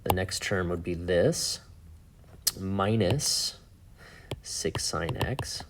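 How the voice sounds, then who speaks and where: A man teaching a math lesson in a relaxed, chatty way, thinking aloud with fillers and asides. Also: sits low, very slow, background noise. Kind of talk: casual whiteboard lesson.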